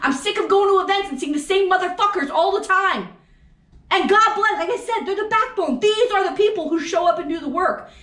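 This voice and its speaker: A woman's voice: extremely high pitch, brisk, fairly bright tone. A woman co-hosting a podcast, venting furiously about politics in a profane rant, with lots of rhetorical questions. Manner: angry, profane ranting. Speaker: podcast co-host. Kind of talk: heated political chat. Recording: echoey room.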